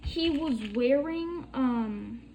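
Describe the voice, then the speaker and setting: A woman's voice: high voice, lively intonation, drawn-out words, darkish tone, a little hiss or hum. A young woman chatting casually while demonstrating a bead craft, rambling and swearing freely. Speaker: crafting tutorial vlogger.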